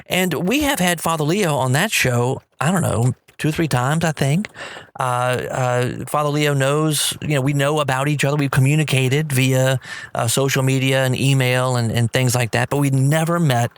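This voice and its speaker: Middle-aged guy hosting a podcast, chatty and excited, keeps restarting his words, dry close mic. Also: medium pitch, no room sound. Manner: enthusiastic storyteller. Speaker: podcast host. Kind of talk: casual solo talk show.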